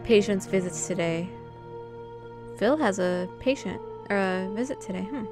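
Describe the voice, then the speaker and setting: Slow-talking woman reading a game aloud. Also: medium pitch. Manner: reads all game dialogue in her own voice, with dry joking asides. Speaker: gamer playing a horror adventure game. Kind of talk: let's play, reading game text aloud. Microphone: studio condenser mic. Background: game music.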